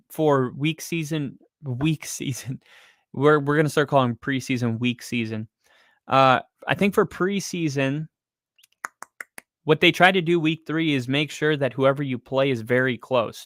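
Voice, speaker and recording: Rambling excitable man talking football. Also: mid-range voice, measured pace, no echo, clean studio sound. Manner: rambling and excitable, with frequent fillers. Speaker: podcast co-host. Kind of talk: casual sports chat.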